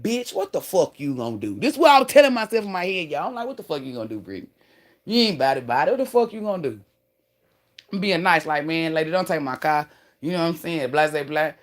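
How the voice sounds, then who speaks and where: A woman telling a profane, animated story straight to her viewers, calling them "y'all" and "baby", with emphatic outbursts. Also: on the low side. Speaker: online creator.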